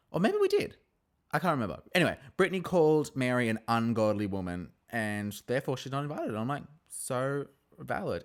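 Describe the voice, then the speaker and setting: A man hosting a podcast, recapping a reality show in casual chat, swearing, laughing and acting out the cast's quotes. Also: medium pitch. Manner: chatty, animated, swears and laughs often, acts out quotes.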